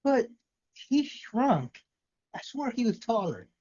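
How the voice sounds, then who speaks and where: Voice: mid-range voice, big pitch swings, slow pace, a little mellow, breathy edge. A co-host chatting casually about wrestling, adding laid-back reactions and asides. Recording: muffled lo-fi audio.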